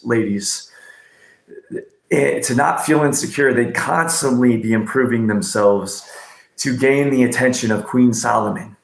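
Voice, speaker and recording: Man, livestream host, casual rant, profane, pet names for chat, gravelly, echoey room. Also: medium pitch, measured pace. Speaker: livestream host doing oracle card readings.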